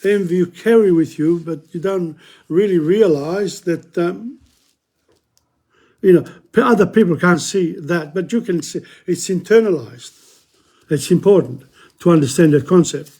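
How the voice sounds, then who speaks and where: An older man, teaching in a loose, conversational way. His voice sits a little high for a man, and he stumbles and repeats words as he moves between recited verse and plain English explanation. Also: lively intonation, vocal fry, mellow, slightly rough. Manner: halting, repeats words, mixes Italian quotes with English explanation. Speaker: teacher reading and explaining Dante. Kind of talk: informal lecture with readings in Italian.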